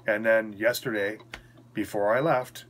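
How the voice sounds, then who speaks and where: A man's voice: on the low side, steady tone, measured pace, fairly bright tone, a little hiss or hum. A man recounting a story in a casual, frank and rambling way, often checking in with his listener, while recovering after a hospital stay. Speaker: vlogger.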